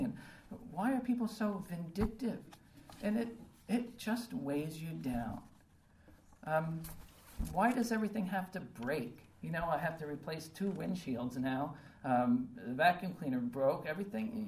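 A low-pitched woman delivering a sermon in a roomy church hall, heard from a distance off the mic. She talks earnestly, stacking rhetorical questions with frequent ums. A faint ambience hangs behind her. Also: moderate pace, creaky, slight background noise. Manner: earnest, piles up rhetorical questions with many um fillers. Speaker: preacher.

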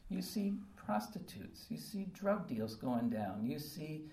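A low-pitched woman delivering a sermon in a roomy church hall, heard from a distance off the mic. She talks earnestly, stacking rhetorical questions with frequent ums. A faint ambience hangs behind her. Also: very animated, slow, dark tone. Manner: earnest, piles up rhetorical questions with many um fillers. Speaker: preacher.

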